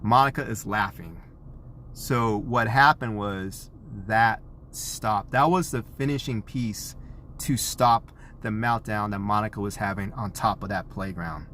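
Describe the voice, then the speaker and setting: A man, a parent, telling a story in a vlog, animated and acting out the scenes he describes. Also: fairly low pitch, measured pace, a little hiss or hum.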